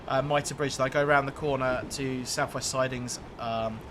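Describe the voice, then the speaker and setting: A man's voice: mid-range voice, steady tone, moderate pace, noisy background. A man streaming a train game, chatting casually and answering viewers' questions, with frequent laughs. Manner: chatty, laughs often, reads out viewer messages. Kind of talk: casual live-stream chat.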